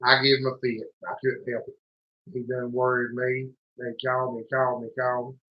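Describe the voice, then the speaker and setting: A man's voice: mid-range voice, monotone, a little fast. A man with a Southern US accent, telling folksy stories as a livestream co-host in casual chat. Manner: folksy drawling storyteller. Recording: echoey room, dull lo-fi sound.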